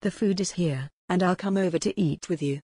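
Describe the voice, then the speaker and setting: An excitable naive young man, read by a woman. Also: on the low side, fairly quick, breathy edge, dry recording, studio quality. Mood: cheerful.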